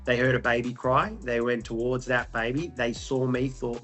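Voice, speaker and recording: A man's voice: medium pitch, fairly even intonation, normal speed, few pauses, a bit bright, soft background music. A young man with an Australian accent, telling his story as a guest in an interview, joking often and filling with ums and restarts. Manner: jokey, many ums and restarts.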